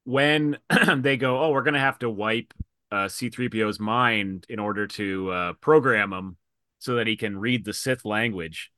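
A man's voice: lowish voice, unhurried, no room sound. A man chatting casually about movies, acting out scenes and quoting characters as he talks. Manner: animated storyteller, acts out lines from scenes.

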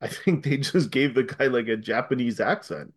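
A man's voice: medium pitch, normal speed. A man in casual podcast chat who speaks thoughtfully and restarts his sentences.

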